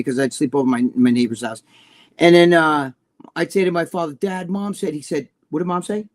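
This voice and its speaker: A middle-aged man with a New Jersey accent, co-hosting a casual livestream and telling blunt, profane stories with voiced quotes. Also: a little high. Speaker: co-host.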